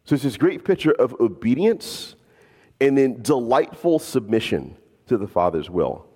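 A man preaching a sermon as a pastor, animated and casual, slipping in jokes. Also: mid-range voice, moderate pace, husky, long reverb tail.

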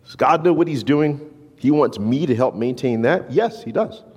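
A man preaching a sermon as a pastor, conversational and animated, tagging his points with "right?". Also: mid-range voice, moderate pace, husky. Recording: long reverb of a large hall.

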